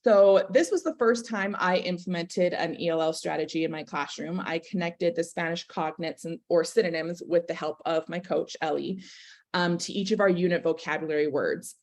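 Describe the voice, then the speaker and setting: A woman teacher walks through a presentation about her students in an earnest, heartfelt way. She often pauses on fillers and restarts her phrases. Her voice sits a little lower than most women's. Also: fairly even intonation, a little mellow. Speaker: teacher presenting a case study.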